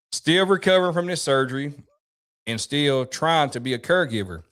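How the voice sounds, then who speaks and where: A man telling a personal story about caring for a dying friend, reflective and halting, often restarting his sentences. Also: on the high side, animated, a bit bright. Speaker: vlogger.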